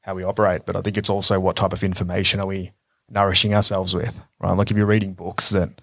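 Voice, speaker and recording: Podcast co-host, man in his 30s, low-pitched, reflective and rambling, dry close sound. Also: level tone, quick pace, a bit bright, dry recording. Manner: reflective storytelling with many fillers. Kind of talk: casual conversational chat.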